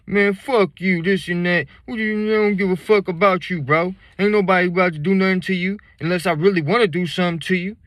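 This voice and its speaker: A man's voice: fairly even intonation, quick pace, few pauses, no echo, studio quality. A man voicing a drunk, pushy young man who slurs his words in street slang. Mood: aggrieved. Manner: slurred, loud, high-pitched street slang.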